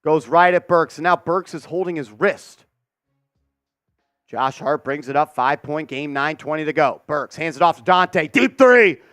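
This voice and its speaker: A man hosting a fan watch party, calling play-by-play in an excitable, profane, mocking way. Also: a little high, normal speed, no echo, studio quality, faint music behind.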